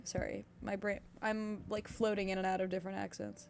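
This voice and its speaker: A woman's voice: medium pitch, level tone, a little fast, vocal fry, slight background noise. A young woman streaming herself reading a classic novel aloud, breaking off into cursing asides. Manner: reads steadily with sudden cursing asides.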